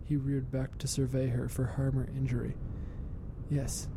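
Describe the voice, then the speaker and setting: Guy reading a creepy story, pretty monotone, rumbly noise in the background. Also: a little fast, gravelly. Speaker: narrator. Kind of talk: horror story narration.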